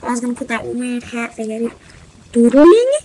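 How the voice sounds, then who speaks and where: A woman's voice: fairly high pitch, very animated, normal speed. A woman joking around at home, her voice run through changing sound effects. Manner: playful, joking. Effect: shifting voice-changer effects. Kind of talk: casual play at home. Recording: noisy home recording.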